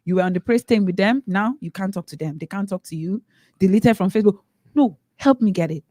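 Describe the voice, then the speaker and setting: A woman's voice: mid-range voice, brisk, no echo. Woman from the Bahamas, radio co-host, emphatic, rhetorical, dry studio sound. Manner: animated, emphatic, rhetorical questions. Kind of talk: casual opinion chat.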